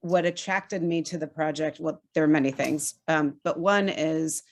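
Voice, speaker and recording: Low, flat-voiced woman, earnest guest. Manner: earnest, enthusiastic, speaks in halting restarts. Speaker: documentary executive director. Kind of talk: podcast interview guest.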